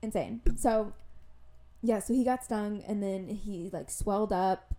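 This podcast co-host is a young woman whose mid-range voice moves at a measured pace. Chatting casually, she narrates a story with lively energy, performing the quoted lines and leaning heavily on "like."

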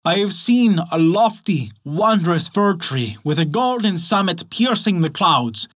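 A man's voice: high voice, lively intonation, unhurried, a bit bright, pitched above the performer's own voice, exaggerated voice. A man voicing a crafty, persuasive old male wizard from a folktale, coaxing and chanting spells. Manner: coaxing, incantatory.

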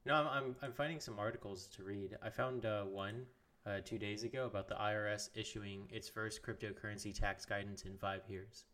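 A man's voice: fairly low pitch, steady tone, fairly quick, fairly bright tone. A young man co-hosting a podcast, laid-back and hesitant, with many fillers. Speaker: podcast co-host. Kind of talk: casual chat.

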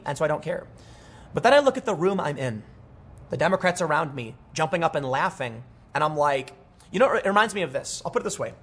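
A young man talks straight at his listeners in a loose, unscripted political monologue. His voice is somewhat husky and sits a bit higher than most men's. He rambles, restarts and jumps between points with animated energy. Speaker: political commentator.

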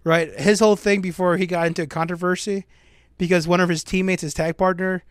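Young guy on a podcast, pretty high voice, telling a story with lots of jokes, dry close sound. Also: a little fast, smooth, no echo. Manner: animated storytelling, jokey asides. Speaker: podcast co-host. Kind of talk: casual chat.

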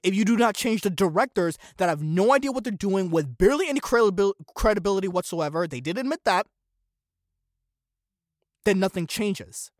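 A man's voice: high voice, animated, fairly quick, no room sound, clean studio sound. A man hosting a solo commentary podcast, opinionated and sarcastic, firing off one rhetorical question after another. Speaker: podcast host.

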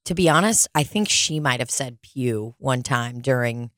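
A woman's voice: rumbling low, animated, normal speed, a bit bright, dry recording, clean studio sound. A woman co-hosting a casual chat, crude and laughing often, acting out silly voices mid-story.

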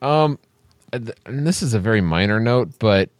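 A man's voice: lowish voice, animated, normal speed, dry recording, studio quality. A man co-hosting a casual movie review chat, teasing and laid-back. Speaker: podcast co-host.

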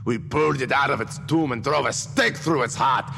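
A man's voice: medium pitch, moderate pace, gravelly, long reverb tail, faint music behind. A man voicing a brooding old village blacksmith who tells a grim tale with emphatic bursts. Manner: grim, emphatic storytelling with sudden shouts.

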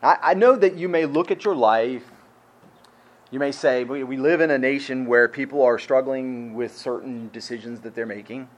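Speaking at a medium pitch and moderate pace, a male pastor gives a conversational sermon full of repeated words and rhetorical questions. He starts at full volume and drops to quiet, captured on poor audio.

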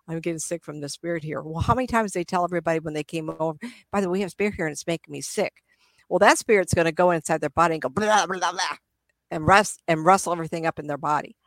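A woman's voice: fairly low pitch, no room sound. A middle-aged woman, a psychic medium, chatting in an interview and acting out spirits with gasps and laughs. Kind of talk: casual interview talk.

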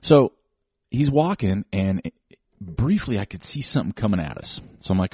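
A man hosting a show, telling a casual, rambling, self-deprecating story with animated asides. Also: fairly low pitch, normal speed, breathy edge, dry recording. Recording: slightly dull lo-fi recording.

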